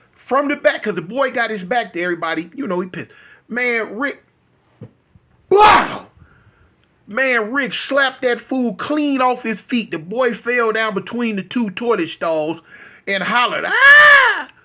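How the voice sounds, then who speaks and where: High, animated male storyteller. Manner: animated, rambling with many fillers and repeats. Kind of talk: casual storytelling.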